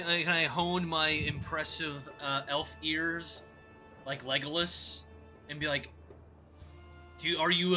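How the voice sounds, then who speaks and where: A man's voice: medium pitch, bright, forceful tone. A man chatting as a player in a tabletop game, coaching another player and rambling casually.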